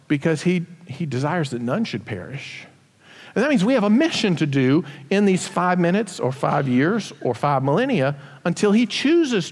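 A male pastor giving a sermon in a lively, conversational way, asking the congregation rhetorical questions. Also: high voice, in a large hall.

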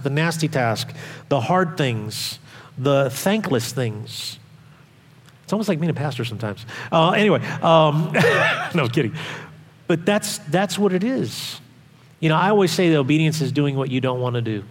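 A male pastor preaching a sermon in an animated way, acting out voices and asking the congregation questions. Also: mid-range voice, long reverb tail.

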